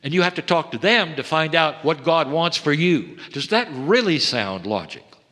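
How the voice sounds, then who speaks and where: A man's voice: on the high side, animated. Man channeling a spiritual message in a reverberant hall. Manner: measured, intimate delivery that sinks to hushed tones. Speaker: channeler addressing a seminar. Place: seminar hall.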